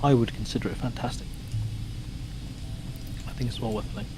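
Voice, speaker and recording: A man's voice: mid-range voice, steady tone, normal speed, background noise. A man co-hosting a gaming livestream in casual chat, teasing playfully and stumbling through self-corrections. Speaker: co-host.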